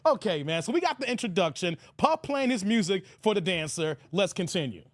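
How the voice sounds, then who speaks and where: Animated high-voiced male commentary host. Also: brisk, no room sound. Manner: animated, joking, laughs often. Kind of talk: casual reaction commentary.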